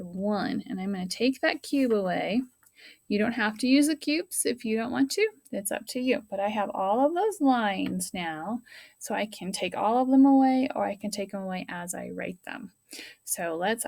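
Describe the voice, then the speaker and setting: A woman teacher modeling a writing lesson for young children, talking slowly and sounding out words and counting aloud. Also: mid-range voice, creaky, a little mellow, no room sound.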